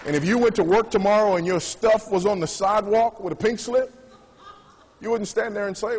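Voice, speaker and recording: Guy hosting a show, high voice, sarcastic and emphatic, preachy commentary. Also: brisk, background noise. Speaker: TV show host.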